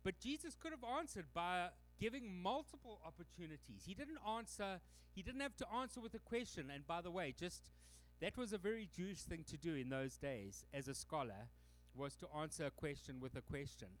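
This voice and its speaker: A man's voice: high-pitched, lively intonation, normal speed, a bit bright. A man with a Canadian accent, preaching a sermon to his church and acting out quoted voices. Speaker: pastor.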